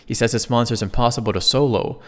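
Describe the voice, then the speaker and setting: A man's voice: mid-range voice, fast talker, fairly bright tone, in a large hall. A man narrating a comic recap in a casual way, slipping in joking asides.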